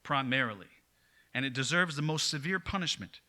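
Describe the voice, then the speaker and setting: A psychologist giving an earnest, explanatory church talk in a plain conversational tone. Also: male voice, mid-range voice, lively intonation, fairly quick, sharp tone. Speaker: speaker, psychologist.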